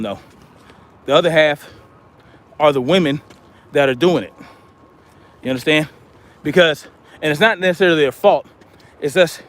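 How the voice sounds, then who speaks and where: A fairly bright, higher-leaning male voice belongs to a livestream host who reads out comments from his viewers. He replies to them in a relaxed, conversational way.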